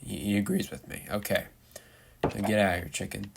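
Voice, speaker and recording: A man's voice: lowish voice, flat delivery, a little fast, creaky, background noise. A young man giving rambling, chatty commentary while showing off a game build, playful and loose. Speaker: Minecraft builder. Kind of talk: casual gameplay commentary.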